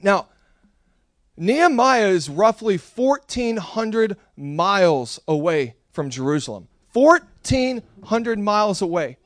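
A young pastor preaching with a high, bright-toned voice. He tells stories and acts out the dialogue with animated energy. The sound is dry and close, with no room echo. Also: takes it slowly, hardly any pauses. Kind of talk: sermon.

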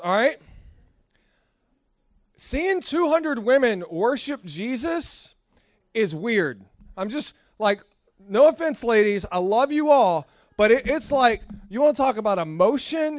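A man preaching a sermon in a church, telling animated, self-mocking stories with frequent restarts. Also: extremely high pitch, dry recording, clean studio sound. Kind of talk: storytelling sermon. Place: church hall.

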